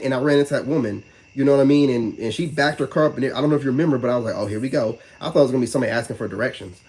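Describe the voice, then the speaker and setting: A man's voice: mid-range voice, a little mellow. A man talking casually to his live viewers in a loose, rambling way, full of slang and repeated "you know what I'm saying". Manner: fast, loose slang-heavy speech. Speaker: vlogger talking to live chat. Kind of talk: casual live-stream talk.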